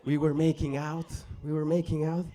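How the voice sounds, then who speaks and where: High-voiced Mexican man doing stand-up. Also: normal speed. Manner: animated storytelling, acting out voices, swings loud and soft. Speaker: stand-up comedian. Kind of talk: stand-up comedy set. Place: comedy stage before a live audience. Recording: live club crowd audible. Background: audience laughter.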